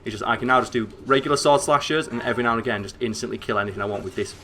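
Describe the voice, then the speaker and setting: A young northern English man streams a game with loose, sweary, rambling chatter full of "like." His voice is bright and forceful at an ordinary middle pitch. Faint background noise sits under his talk. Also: rapid-fire. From northern England. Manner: excitable, sweary, rambling with frequent "like" fillers. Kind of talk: casual gameplay commentary.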